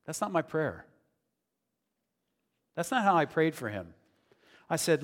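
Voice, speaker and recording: A man's voice: a little high, sing-song, normal speed, long pauses, fairly bright tone. A man preaching a sermon in an earnest, conversational way that builds to emphatic declarations. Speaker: pastor. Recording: long reverb of a large hall.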